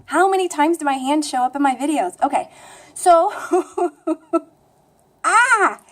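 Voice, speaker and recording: Chatty young woman with flat American accent. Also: on the high side. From United States. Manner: chatty, self-deprecating, rambling asides. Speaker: language vlogger. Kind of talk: casual talking-to-camera vlog.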